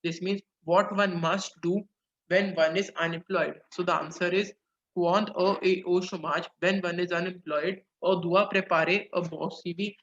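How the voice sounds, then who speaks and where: A man teaching a French lesson online, translating phrase by phrase and pausing on "uh"s as he explains. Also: high-pitched, fairly even intonation, fairly bright tone. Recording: dull lo-fi audio.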